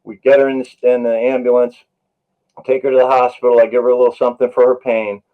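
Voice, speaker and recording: A paramedic and author, appearing as a podcast interview guest, tells stories from the job, earnest and full of "you know" fillers. His medium-pitched voice stays level and moves quickly. The audio sounds narrow and tinny.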